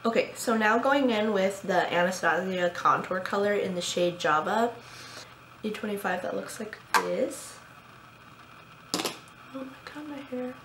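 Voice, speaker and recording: A young woman talks casually through a makeup tutorial, with a slight lisp from the braces she has just had fitted. Her voice sits at an ordinary middle pitch. It was recorded in an echoey room with a faint hum behind it. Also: measured pace, a bit bright. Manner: chatty, casual, with frequent fillers. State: talking with new braces. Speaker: beauty vlogger.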